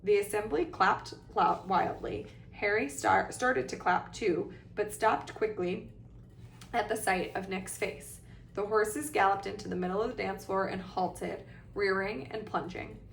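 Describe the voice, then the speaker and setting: A woman's voice: mid-range voice, measured pace, gravelly, reverberant, a little hiss or hum. A woman reading a storybook aloud as narrator in a plain storytelling manner. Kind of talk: audiobook reading.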